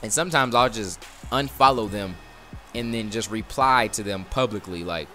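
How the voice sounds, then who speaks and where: A man giving casual, rambling commentary over his own video game match, with sudden bursts of excitement during big plays. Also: fairly low pitch, normal speed, soft background music. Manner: laid-back, rambling storytelling with bursts of excitement. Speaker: gaming video creator. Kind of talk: live gameplay commentary.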